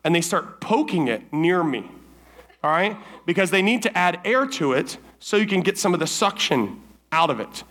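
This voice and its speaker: A man speaking to teens at a summer camp service, telling a story in a casual, animated way and acting out his own lines. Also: sits high, moderate pace. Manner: casual, many fillers like "like" and "right?".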